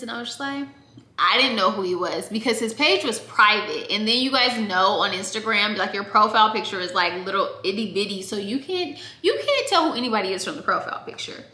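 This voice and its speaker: A young woman from Oregon telling a storytime to her viewers in a chatty, animated way, speaking straight to the audience. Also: mid-range voice, fairly quick. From Oregon, USA. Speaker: vlogger. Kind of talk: casual storytime. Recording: echoey room.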